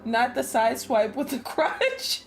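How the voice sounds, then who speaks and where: A woman's voice: sits high, big pitch swings, slow pace, vocal fry, a little hiss or hum. A woman streaming a game, chatting casually with frequent laughs and free swearing. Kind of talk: casual gameplay commentary.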